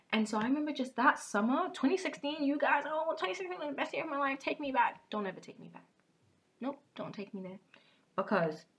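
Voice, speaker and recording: A young woman hosting a podcast, telling a personal story candidly and often dropping into hushed, whispered asides. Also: mid-range voice. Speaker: podcast host. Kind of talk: casual confessional monologue.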